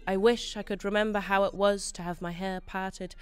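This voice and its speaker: A woman performing spoken word poetry, slow and lyrical, repeating phrases. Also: medium pitch, steady tone, clean tone.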